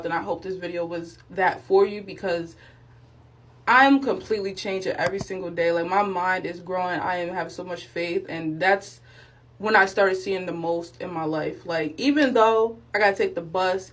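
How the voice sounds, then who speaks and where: A young woman vlogger telling a faith testimony in a casual, slangy way, acting out the people she quotes. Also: mid-range voice. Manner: animated, acts out quotes, slangy and expressive.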